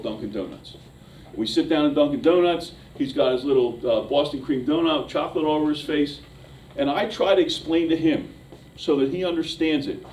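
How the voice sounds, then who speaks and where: A motivational speaker with a slightly high voice tells a lively story, building up until he is shouting. He is far from the mic in a large, echoing room, with a faint hum underneath.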